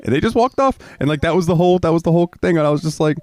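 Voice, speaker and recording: A man's voice: a little high, animated, racing, a little mellow, no echo. A man hosting a podcast, telling long, profane anecdotes in a casual, rambling way with lots of filler words. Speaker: podcast host. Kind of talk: casual storytelling chat.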